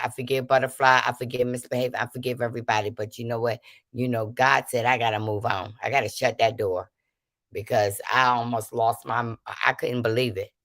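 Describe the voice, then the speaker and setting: A livestream host with a rumbling low voice calls people out to her chat, swinging between anger and preachy talk of prayer and forgiveness. The sound is clean studio quality with no room sound.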